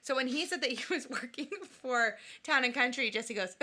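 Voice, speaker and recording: This is a woman co-hosting a casual podcast, her voice sitting a bit high and sounding bright. She talks in an animated, playful way, riffing and jumping into quick voices for the people she quotes. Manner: animated, jokey, acts out quotes. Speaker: podcast co-host. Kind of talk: casual chat.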